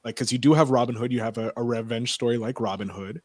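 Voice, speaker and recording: Male podcast co-host, mid-pitched, eager and restless delivery, dry close sound. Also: steady tone, a little mellow, dry recording. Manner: eager, piling up ideas with quick restarts. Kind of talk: casual movie review chat.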